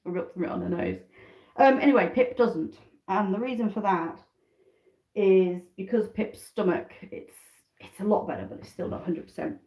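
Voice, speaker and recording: A woman's voice: mid-range voice, very animated, moderate pace, roomy sound, lo-fi sound. A British woman chatting casually on a live stream from her home kitchen, rambling between tasks and asides. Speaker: backyard chicken keeper hosting a live stream.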